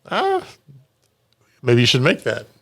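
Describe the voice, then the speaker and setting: A man's voice: mid-range voice, lively intonation, a little fast. A man, co-hosting a podcast in easygoing casual chat, laughing often and stumbling over old sayings. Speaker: podcast co-host.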